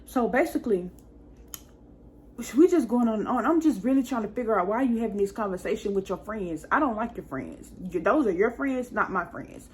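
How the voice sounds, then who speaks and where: A woman's voice: on the high side, animated, fairly quick. Young woman ranting through a storytime. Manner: chatty, exasperated retelling with many asides. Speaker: vlogger. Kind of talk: casual storytime.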